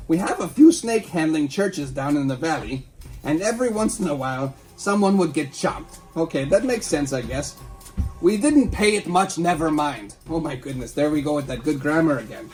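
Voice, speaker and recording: A man's voice: fairly high pitch, lively intonation, moderate pace, darkish tone, faint music behind. A man hosting a comedy show, reading a tabloid article aloud and breaking off with playful, teasing asides to a silent puppet sidekick.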